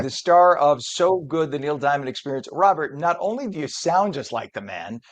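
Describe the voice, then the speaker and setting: A middle-aged man hosting a morning TV news and talk show, chatty and a bit rambling, reading traffic and introducing guests. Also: a little high. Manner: chatty, rambling, self-deprecating.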